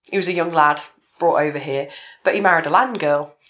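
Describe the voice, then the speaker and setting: Chatty woman guest with a lower voice. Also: a little fast, a bit bright, lo-fi sound. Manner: rambling storyteller, many ums. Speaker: podcast guest. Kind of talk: casual interview chat.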